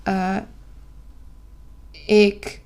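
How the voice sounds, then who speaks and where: Extremely slow and monotone, her medium-pitched voice is darkish, clear, and resonant, with a Dutch accent. This young woman from the Netherlands chats easily on her live stream, sounding tired, giggling often, correcting herself, and apologizing.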